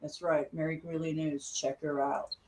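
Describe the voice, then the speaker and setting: Through a very noisy recording, a deep-voiced woman speaks at a moderate pace in a level tone, raging as a conspiracy vlogger. Her angry rant is packed with swearing and repetition.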